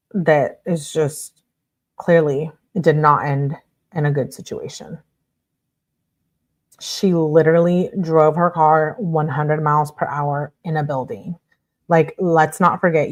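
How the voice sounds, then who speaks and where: A woman reading a couple's text messages aloud and adding her own blunt, swearing commentary. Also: low-pitched. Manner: blunt, judgmental, swears casually. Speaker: true-crime commentator.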